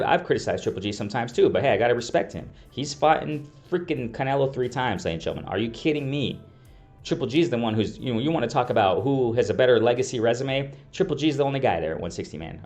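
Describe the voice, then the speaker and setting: Low-voiced man reacting to boxing comments. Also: a little mellow. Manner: exasperated, repeats phrases, frequent laughs. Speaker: boxing commentary video host.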